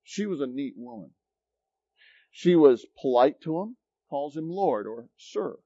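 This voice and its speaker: A man preaching a sermon as pastor, telling stories in an animated, emphatic way. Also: on the high side, measured pace, husky, no room sound. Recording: dull lo-fi recording, dry.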